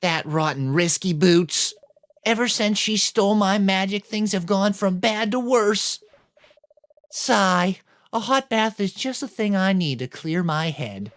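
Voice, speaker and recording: A woman voicing a young, spirited half-genie heroine, high and plaintive, in a game let's play. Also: animated, a little slow, dry recording, close to an everyday voice. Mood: weary.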